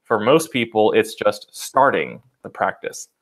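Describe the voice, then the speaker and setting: A man co-hosting a podcast in a relaxed, casual way, laughing easily and using lots of fillers. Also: lowish voice, unhurried. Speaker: podcast co-host.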